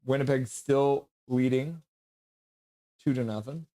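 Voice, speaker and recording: A man hosting a live hockey reaction stream, reading chat messages aloud, joking and reacting loudly to goals. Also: mid-range voice, takes it slowly, no echo. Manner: excitable, reads chat aloud and jokes.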